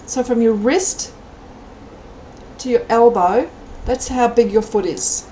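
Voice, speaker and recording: A middle-aged Australian woman chats her way through a live stream, animated and thinking out loud as she goes. Her voice sits a little high, with a faint background ambience in the room. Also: takes it slowly, a little hiss or hum, rough recording. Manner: chatty, animated, thinks aloud. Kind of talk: casual live-stream chat.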